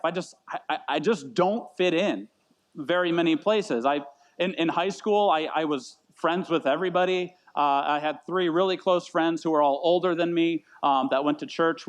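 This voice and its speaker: A man in his thirties preaching a casual sermon, rambling and self-deprecating, often repeating words as he tells stories. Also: a little high. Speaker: pastor. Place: church meeting in a brewery.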